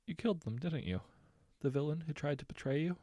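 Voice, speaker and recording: A man voicing a distraught teenage girl on the phone, halting and tearful, hesitant. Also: a little high, expressive, dark tone, no room sound, studio quality, pitched above the performer's own voice. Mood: quiet. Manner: halting, tearful, later teasing. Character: distraught teenage girl calling her villain friend.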